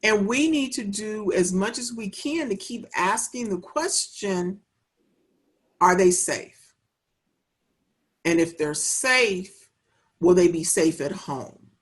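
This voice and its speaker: A woman who manages child welfare work appears as a guest in a conversational interview. She speaks in a measured, earnest way, repeating phrases for emphasis, with a medium-pitched, animated voice.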